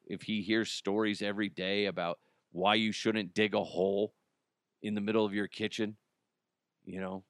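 Joking podcast host, dry close sound. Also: male voice, on the low side, a bit bright, no room sound. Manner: joking, rambling, laughs at own jokes. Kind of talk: casual solo podcast monologue.

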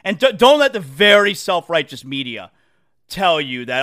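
A man hosting a sports talk show, ranting in an exasperated, animated way and mocking what others say. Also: fairly high pitch, moderate pace. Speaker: sports radio host. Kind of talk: opinionated sports talk rant.

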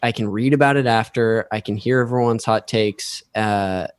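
A man's voice: lowish voice, normal speed, clean tone, no echo. Man, thirties, from California, casual storyteller, rambling, dead dry sound. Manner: laid-back, rambling with frequent restarts. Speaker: podcast guest.

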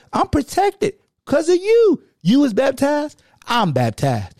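A cheeky, petty alter ego, put on by a man in a raised, squeaky register, needling his other half with rapid-fire taunting questions. It is mischievous podcast banter with a dry, close sound. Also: wildly swooping pitch, a little mellow, no echo, exaggerated voice. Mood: playful.

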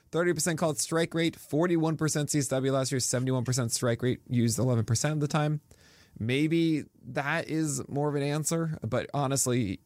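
A man's voice: mid-range voice, no room sound. A man co-hosting a casual baseball podcast, rattling off stats and cracking jokes. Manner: stat-heavy, jokey, quick to laugh. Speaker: podcast co-host, pitcher analyst. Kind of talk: casual fantasy baseball chat.

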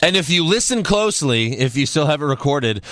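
Chill guy from new york recapping wrestling, lively voice, dry close mic. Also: a little high, fairly quick, no echo. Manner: laid-back, laughs often. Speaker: podcast host. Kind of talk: casual recap chat.

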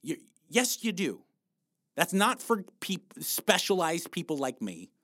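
A man's voice: high voice, big pitch swings, a little slow, bright, forceful tone, no echo, studio quality. A man giving a blunt, profane motivational talk about fat loss, coaching his listeners and urging them on with emphatic encouragement.

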